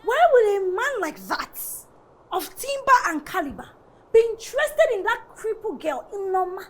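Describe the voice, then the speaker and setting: A woman's voice: high voice, sing-song, moderate pace. An actress playing a jealous, petulant young daughter with a Nigerian accent, complaining to her mother. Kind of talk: Nollywood film acting.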